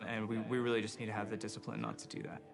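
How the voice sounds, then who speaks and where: A game developer in a behind-the-scenes interview, laying out a schedule in a brisk, casual way. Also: male voice, on the low side, level tone, creaky, music in the background.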